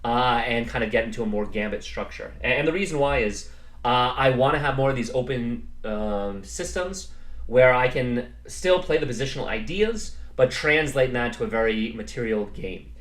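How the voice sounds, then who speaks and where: A man's voice: medium pitch, lively intonation, normal speed, fairly bright tone. Rambling man in a roomy room. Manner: rambling, many fillers and restarts, self-deprecating. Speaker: chess club player recapping his game. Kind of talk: casual game recap. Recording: roomy echo.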